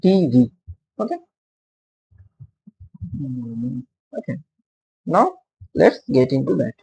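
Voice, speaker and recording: Slow, lively, gravelly-voiced male teacher. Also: medium pitch, rough recording. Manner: halting, many fillers and rhetorical questions. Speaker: literature teacher. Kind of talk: casual classroom-style explanation.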